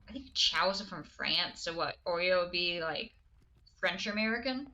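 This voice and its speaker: A woman's voice: fairly low pitch, animated, normal speed, sharp tone, muffled recording. A woman streaming a game live, chatting casually with her viewers and giggling often. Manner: chatty, giggly, answers chat.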